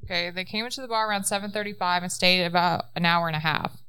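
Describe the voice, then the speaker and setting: A woman's voice: lowish voice, fast, sharp tone, smooth. A woman in a casual game chat, laying out theories one step at a time. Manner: methodical, lays out theories step by step.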